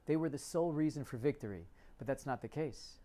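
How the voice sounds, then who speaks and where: A man's voice: mid-range voice, a little fast, dark tone. A man from New Jersey, earnestly explaining a scripture passage as a lesson. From New Jersey, United States. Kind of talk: religious teaching.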